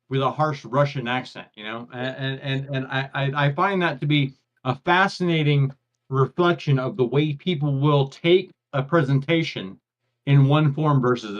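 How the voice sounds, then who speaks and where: A man's voice: medium pitch, dull audio. A man, co-hosting a casual podcast chat, rambling and tripping over his own words as he goes. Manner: rambling, stumbles and repeats words. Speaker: co-host.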